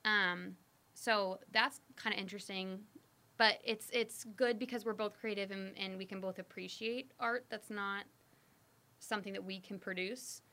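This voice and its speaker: A young woman guest chatting casually, her voice bright at the top with a fry underneath. She talks easily and at length, a trained singer relaxing into everyday speech. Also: mid-range voice, fairly even intonation, normal speed. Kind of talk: casual chat.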